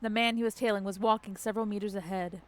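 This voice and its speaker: A woman's voice: mid-range voice, steady tone, quick pace. A woman streamer reading a story game aloud live, cracking jokes and swearing between lines of narration.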